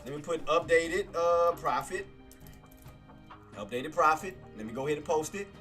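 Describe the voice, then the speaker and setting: A man giving live trading commentary, excitable and boastful, repeating himself as he shows his gains to viewers. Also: fairly high pitch, normal speed, faint music behind. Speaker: day-trading streamer.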